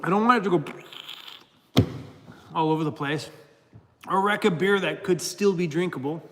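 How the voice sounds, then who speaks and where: A man's voice: high-pitched, moderate pace, fairly bright tone, long reverb tail, slight background noise. Chatty middle-aged man livestreaming. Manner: chatty, laughs often, talks to his dog. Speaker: vlogger livestreaming to members. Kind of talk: casual livestream chat.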